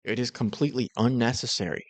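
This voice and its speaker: A man's voice: mid-range voice, steady tone, fast talker, no room sound. A man giving dry, critical and sarcastic commentary over reaction clips. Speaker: commentary host.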